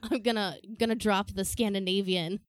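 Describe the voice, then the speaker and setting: A woman's voice: mid-range voice, steady tone, moderate pace, no room sound, clean studio sound. A young woman as a podcast guest in casual chat, laughing often and swearing freely.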